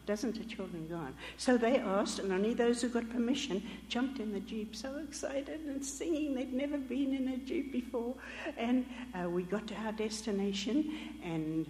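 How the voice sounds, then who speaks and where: A woman's voice: on the high side, normal speed, a little mellow. An older woman telling a missionary testimony as a sermon, storytelling vividly and acting out the voices she quotes. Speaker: missionary speaker. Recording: echoey hall with long reverb.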